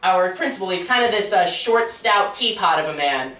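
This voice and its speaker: A teenage girl performs stand-up comedy on a local theatre stage, rambling, poking fun at herself, and laughing at her own jokes. Her lowish voice is pushed and bright, with lively intonation and a moderate pace, recorded from far off in an echoey room.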